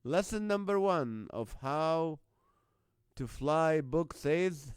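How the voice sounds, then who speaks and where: A man's voice: fairly high pitch, animated, very slow, long pauses, clean tone, dry recording. A man hosting a live online comedy show, reading out viewer jokes, greeting viewers by name and laughing often at the lines.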